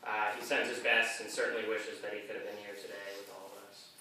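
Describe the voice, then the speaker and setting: A young man giving a measured eulogy for his grandmother in a funeral chapel. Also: lowish voice, little pitch movement, pushed and bright. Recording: echoey chapel, distant mic, faint noise.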